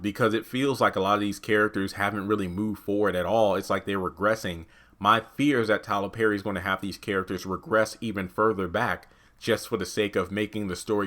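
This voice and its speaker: A man giving a casual review of a TV episode, exasperated, ranting and swearing freely. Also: a bit bright. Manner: jumps into quoted lines with raised pitch. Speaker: TV show reviewer.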